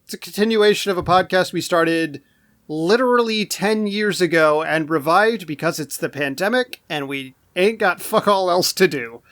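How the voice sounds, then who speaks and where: A man's voice: on the high side, a bit bright. A man co-hosting a podcast in casual, slangy, joking chat. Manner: laid-back, slangy, joking. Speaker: podcast co-host.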